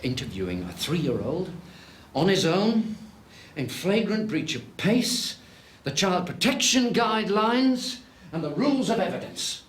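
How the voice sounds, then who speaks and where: A sarcastic scolding senior officer. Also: male voice, high voice, sing-song, unhurried. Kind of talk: TV police drama acting. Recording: echoey room with background noise.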